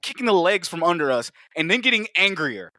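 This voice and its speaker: A male podcast co-host in loose, casual chat, swearing constantly and slipping into other people's voices as he tells a story. His voice sits high and bright, with pitch that swings widely. The sound is close and dry, with no room echo. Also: a little fast. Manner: profane, animated storytelling with acted-out quotes.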